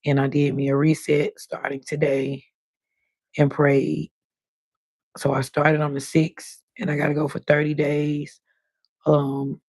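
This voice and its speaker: A woman in her fifties chatting on a livestream as host, telling animated stories with plenty of cussing. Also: deep voice, creaky, slightly rough, no echo. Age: 50s. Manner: chatty, animated storytelling with cussing and quoted voices. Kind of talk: casual livestream chat.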